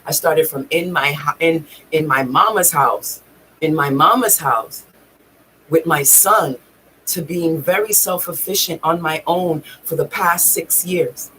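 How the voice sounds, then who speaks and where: A woman's voice: low voice, measured pace, a bit bright, slight background noise, rough recording. Woman telling a raw personal story. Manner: raw, profane, tearful at times. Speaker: vlogger.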